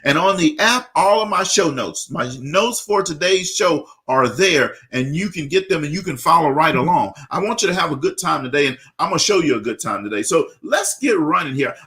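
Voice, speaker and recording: Energetic radio host, bright voice. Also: male voice, on the high side, normal speed, hardly any pauses. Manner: energetic, repetitive, tag questions. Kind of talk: radio talk show hosting.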